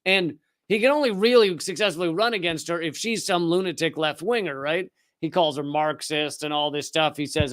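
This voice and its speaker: A man from Richmond, Virginia with a Southern US accent, hosting a live political commentary stream and talking back to the chat in a sardonic, rapid way with frequent restarts. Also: fairly high pitch, a bit bright, no room sound, studio quality.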